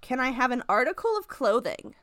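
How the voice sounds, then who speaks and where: A young woman co-hosts a podcast in casual chat, running a word game with giggles and teasing. Her voice sits high and sounds bright and crisp. The recording is dry and close. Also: big pitch swings, fairly quick, no room sound. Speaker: podcast co-host.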